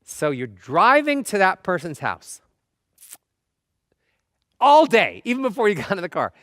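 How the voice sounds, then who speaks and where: Male motivational speaker, high voice, dry close sound, fires rhetorical questions and acts out inner voices. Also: wildly swooping pitch, unhurried, a bit bright, no room sound. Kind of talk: motivational talk.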